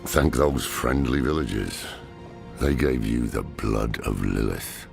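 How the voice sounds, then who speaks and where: An actor playing a gruff, weary older male druid mentor in a video game, speaking gravely and with measured weight. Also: a bass voice, heavily acted. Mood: grim. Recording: game dialogue under loud music.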